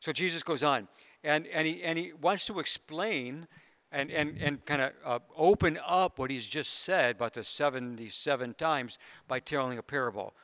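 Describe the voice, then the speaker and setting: Earnest preacher man with a bright voice. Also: a little high, normal speed. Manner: earnest, retelling a parable with conversational asides. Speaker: pastor. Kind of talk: sermon.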